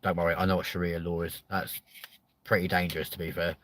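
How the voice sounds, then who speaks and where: Male host, rambling foul-mouthed rants, punchy bright tone, close and dry. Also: deep voice, little pitch movement, quick pace, no room sound. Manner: swears constantly, rambling rants reacting to viewer comments; loud exasperated outbursts. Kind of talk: comedic live chat show.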